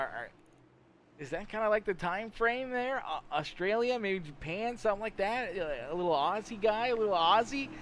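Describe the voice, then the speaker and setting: A man's voice: high voice, background noise. A young man doing live play-by-play for an online racing league, chatting and teasing viewers between calls and often repeating himself. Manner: chatty and teasing, repeats phrases, stumbles over words. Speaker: sim racing league commentator. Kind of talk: live play-by-play commentary mixed with chat replies.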